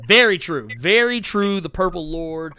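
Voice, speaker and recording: A man's voice: high voice, lively intonation, normal speed, pushed and bright, clean tone, no room sound. A man in his thirties hosting a podcast, talking animatedly, laughing and swearing freely. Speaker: podcast host. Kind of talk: casual chat.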